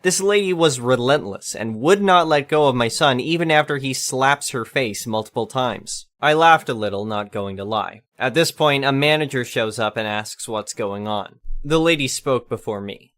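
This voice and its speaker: A man's voice: medium pitch, expressive, moderate pace, hardly any pauses, fairly bright tone. A man narrating an online storytime post in a plain read-aloud delivery.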